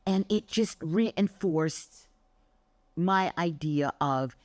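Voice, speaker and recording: A woman's voice: fairly low pitch, drawn-out words, no echo. An older woman who teaches Pilates, giving an emphatic motivational monologue and acting out her anecdotes. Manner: emphatic and expressive, acts out anecdotes. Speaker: Pilates instructor.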